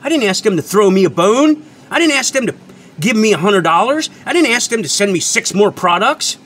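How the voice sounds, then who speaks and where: Fairly quick and a bit bright, this man's high-pitched voice leaps through big pitch swings. As host of his own product-review channel, he rants off the cuff at viewers, pressing his points hard, repeating them, and cursing freely.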